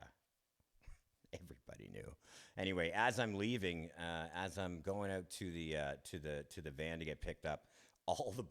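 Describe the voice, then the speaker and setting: Deep voiced guy telling his own story, self-deprecating, chuckles a lot, trips over his words. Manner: candid, self-deprecating, chuckling between lines; halting restarts. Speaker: speaker sharing his recovery story. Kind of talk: personal testimony talk.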